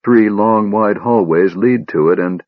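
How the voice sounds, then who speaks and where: A man's voice: on the low side, a little slow, no echo, narrow, tinny audio. A man voicing a determined young elf woman in an audiobook, urgent and pleading. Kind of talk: audiobook character voice.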